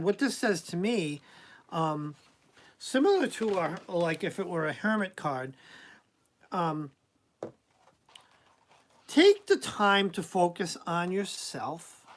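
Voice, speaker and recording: A woman doing live tarot readings, talking in a chatty, reassuring way with lots of fillers. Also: on the low side. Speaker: tarot reader.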